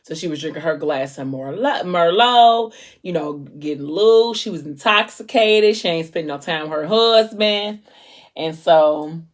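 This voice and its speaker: Young woman, low voice, easygoing book-recap vlogger, rambling with fillers. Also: moderate pace. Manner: chatty, meandering retelling with many fillers.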